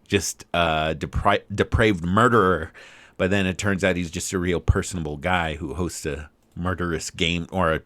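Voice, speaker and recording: A man's voice: low voice, fairly bright tone, dry recording. A man co-hosting a podcast in casual banter, cracking crude jokes and firing off questions. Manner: crude joking, eager questions. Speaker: podcast co-host.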